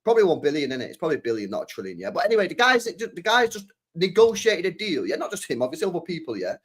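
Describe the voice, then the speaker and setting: Animated guy ranting. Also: on the high side, racing, husky. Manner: animated, swears a lot, fires rhetorical questions. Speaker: podcast host. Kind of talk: casual podcast rant.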